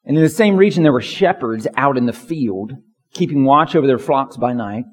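A man's voice: mid-range voice, expressive, moderate pace. Man preaching in a reverberant hall. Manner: emphatic preaching, builds to fervent lists. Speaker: pastor. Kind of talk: sermon.

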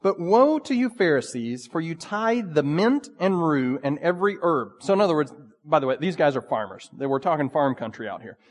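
Male pastor, conversational animated sermon, slightly high voice, long church reverb. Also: brisk, few pauses. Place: church sanctuary.

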